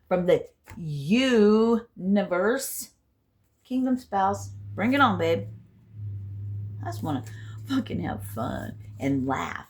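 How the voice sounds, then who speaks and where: A woman giving a casual spiritual card reading to her viewers. She rambles and swears freely, and swings between loud bursts and hushed asides. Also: medium pitch, big pitch swings, takes it slowly, long pauses. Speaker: intuitive card reader and healer.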